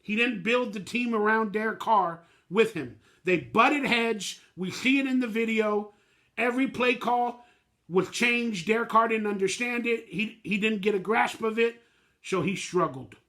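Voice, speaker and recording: A man's voice: high voice, unhurried, pushed and bright. A man hosting his own fan channel, giving a blunt, emotional postgame reaction rant in plain slangy talk.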